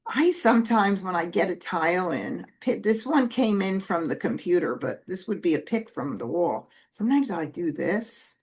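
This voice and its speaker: A woman's voice: on the low side, animated, normal speed, hardly any pauses, husky. A woman teaching Mah Jongg strategy in a casual, chatty way, correcting herself and adding asides as she plays. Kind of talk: casual teaching while playing.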